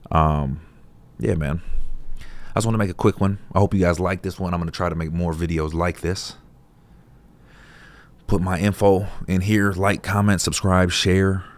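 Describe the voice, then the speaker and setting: A man's voice: low voice, steady tone, normal speed, pauses often. A man talking casually and reflectively to camera in a laid-back, profane, conversational way. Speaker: vlogger.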